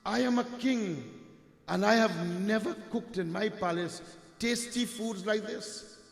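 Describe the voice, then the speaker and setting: A man's voice: sits high, unhurried, gravelly, voice pushed up. A Trinidadian man voicing a proud, amazed king of legend, speaking in an emphatic, commanding way. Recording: echoey hall with long reverb.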